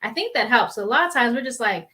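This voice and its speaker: A woman co-hosts a talk show panel, offering earnest advice in casual conversation and quoting herself in asides. Her voice runs on the high side, fast, expressive and sharp.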